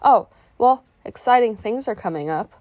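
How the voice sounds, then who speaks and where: A woman's voice: on the high side, expressive, normal speed, a little mellow, dry recording. Rambling, chatty young woman voiceover. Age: 20s. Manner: rambling and self-interrupting, loses her train of thought; openly emotional and sentimental. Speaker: art vlogger narrating a painting video. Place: voice-over recorded apart from the painting footage.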